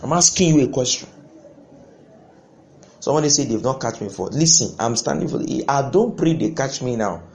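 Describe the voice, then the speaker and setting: A man preaching a sermon, impassioned, breaking into sudden loud bursts. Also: medium pitch, expressive, a little fast, vocal fry, pauses often.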